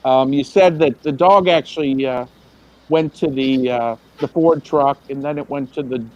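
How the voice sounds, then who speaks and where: A man's voice: medium pitch, normal speed, rough recording. A man hosting a casual podcast discussion, hesitant and full of fillers as he recalls details.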